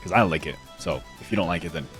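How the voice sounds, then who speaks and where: A gaming YouTuber with a low-pitched, fairly bright voice talks fast over faint background music. His commentary is casual and playful, full of self-mockery and frequent laughter.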